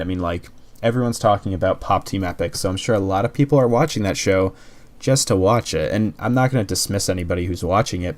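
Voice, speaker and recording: Low-voiced man rambling earnestly. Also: darkish tone. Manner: rambling, heavy use of "like", frequent restarts; earnest, openly emotional. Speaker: anime reviewer. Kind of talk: casual spoken review.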